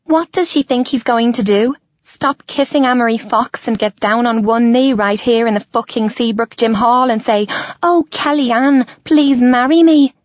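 A man voicing a brash, tipsy teenage girl who talks fast, loud and crude. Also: extremely high pitch, no room sound, lo-fi sound, voice pushed up. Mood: scornful.

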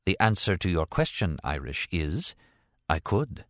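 A man voicing a cool, direct, worldly woman who speaks in a measured way. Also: sits low, big pitch swings, dry recording, studio quality.

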